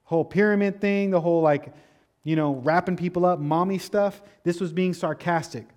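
Emphatic preaching man, fairly high voice. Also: moderate pace. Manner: preaching with rhetorical questions, rising to loud emphatic peaks; casual asides and slang between scripture readings. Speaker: pastor. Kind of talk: sermon.

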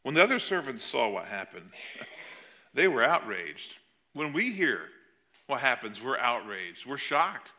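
A man preaching a sermon, retelling a parable with animated emphasis. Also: on the high side, normal speed. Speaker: pastor.

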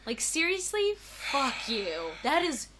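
A woman's voice: high voice, very animated, takes it slowly, background noise. A woman co-hosting a podcast, chatting casually about a movie, blunt and swearing freely. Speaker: podcast co-host. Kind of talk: casual movie review chat.

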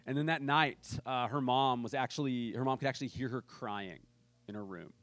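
A man's voice: mid-range voice, fairly quick, a bit bright, no room sound. A man preaching a sermon as pastor, telling a story in a casual way and acting out the people he quotes.

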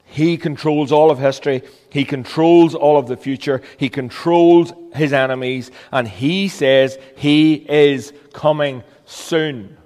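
A man's voice: a little high, slow, hardly any pauses, a little mellow, in a large hall. A man preaching a sermon as a pastor, earnest and emphatic, with rhetorical questions.

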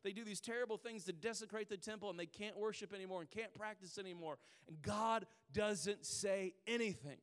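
Male pastor, high voice, conversational sermon, long hall reverb. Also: fairly bright tone, clear, resonant tone. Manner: conversational storytelling, drawn-out emphatic pauses.

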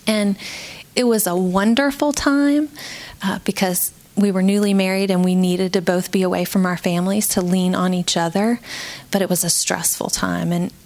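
A woman's voice: mid-range voice, steady tone, normal speed, darkish tone. Woman, mid-range voice, candid and reflective faith testimony with the odd light laugh. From Georgia, USA. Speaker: speaker sharing a personal testimony.

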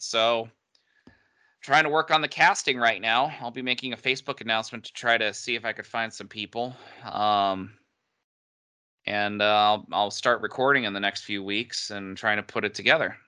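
A man's voice: fairly low pitch, steady tone, moderate pace, sharp tone, clean tone. A man co-hosting a casual podcast chat, joking and laughing often as he talks about his audio drama project.

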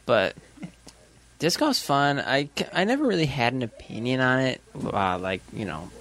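Animated young man telling stories. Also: medium pitch, moderate pace. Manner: animated storyteller, acts out the people in his stories. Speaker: podcast co-host. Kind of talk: casual chat.

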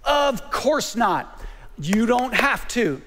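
Man, pastor, sermon, high voice, call-and-response, loud then hushed, long hall echo. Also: very animated, drawn-out words, a little hiss or hum.

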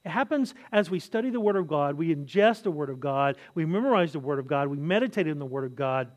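A man's voice: on the high side, expressive, fast talker. A married man preaching a sermon as pastor, earnest, repeating key phrases and often restarting his sentences. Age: adult, married.

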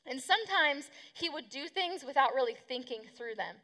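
A woman's voice: high voice, lively intonation, moderate pace, bright, forceful tone, big-room sound. A woman preaching a casual youth sermon, chatty and slangy, acting out the people she talks about. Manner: chatty, slangy, acts out quotes. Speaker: youth pastor.

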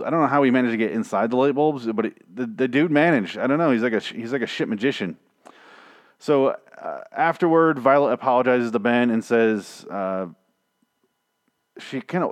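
A man rants about a TV show in a loose, rambling way, full of swearing and sarcastic asides. His voice is mid-pitched and sits dry and close to the mic. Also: dry recording. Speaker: TV show reviewer. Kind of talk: casual recap rant.

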